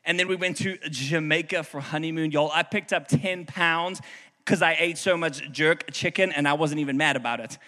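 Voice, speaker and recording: A man in his thirties from South Africa, preaching a sermon with animated storytelling, acting out voices and bursting into shouts. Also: on the high side, moderate pace. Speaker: pastor. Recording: hall reverb with music behind.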